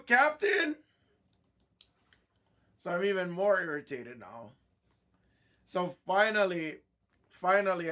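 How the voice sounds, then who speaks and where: A man, a host of a card-breaking stream, telling a blunt, irritated story in casual chat, clearing his throat often. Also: a little high, pushed and bright.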